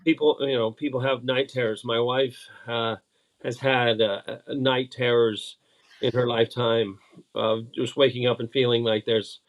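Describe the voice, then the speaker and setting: A middle-aged man, chatting casually as co-host, halting with many fillers and restarts. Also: mid-range voice, little pitch movement. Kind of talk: casual chat.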